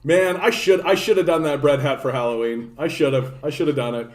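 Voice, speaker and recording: A man with a slightly raised pitch chats his way through political commentary on a livestream. He rambles, swears casually and keeps restarting his sentences, with "like" scattered through everything. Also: a little fast, darkish tone. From Canada. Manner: rambling, profane, many "like" fillers and restarts. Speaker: political streamer.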